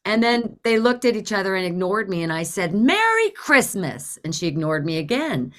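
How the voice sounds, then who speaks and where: A woman in her forties, co-hosting a casual chat, telling a story with animated delivery, swearing freely and acting out the people in it. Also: on the low side, a little fast. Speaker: podcast co-host.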